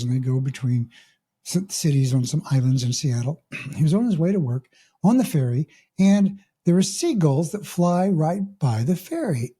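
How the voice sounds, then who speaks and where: A middle-aged man, a mindfulness coach hosting a podcast, telling a story in a calm, unhurried way and often clearing his throat. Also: on the high side. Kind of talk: reflective podcast monologue with a story.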